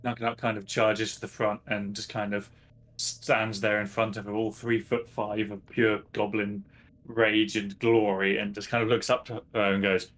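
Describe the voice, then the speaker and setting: A man playing a tabletop game, describing his goblin character's actions in a slow, deadpan way. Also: on the low side. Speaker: player.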